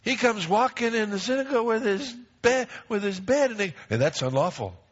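A man's voice: very high voice, a little fast. A middle-aged man pastor preaching a sermon, emphatic, repeating phrases and acting out quoted voices. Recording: dull lo-fi recording.

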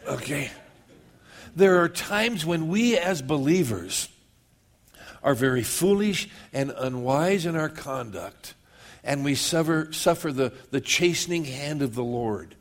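Guy preaching a sermon, slightly high voice, punchy and emphatic, slows way down on verses. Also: expressive. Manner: emphatic, slows down for scripture, quick asides. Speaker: pastor.

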